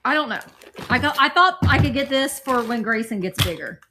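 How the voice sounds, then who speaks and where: A middle-aged thrift vlogger with a fairly quick, expressive, higher-pitched voice shows off her thrift haul against a noisy background. She rambles casually and talks with friends nearby.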